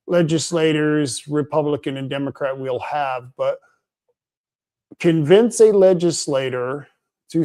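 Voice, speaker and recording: A man hosting a live talk stream, reading viewer comments aloud in a relaxed, musing way. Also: a little high, clear, resonant tone. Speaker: host. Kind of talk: casual talk show chat.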